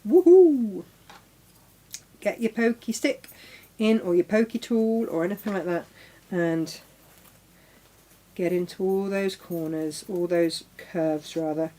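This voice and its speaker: A woman's voice: on the low side, steady tone, measured pace, mellow. A middle-aged woman hosting a live sewing demonstration, chatting casually, talking to her tools and exclaiming as she goes. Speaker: crafting show host.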